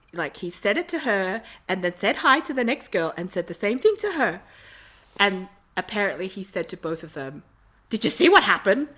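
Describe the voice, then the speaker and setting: Bright, animated woman telling a story. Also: medium pitch. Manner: animated, acts out quotes. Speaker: podcast guest. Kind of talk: casual storytelling.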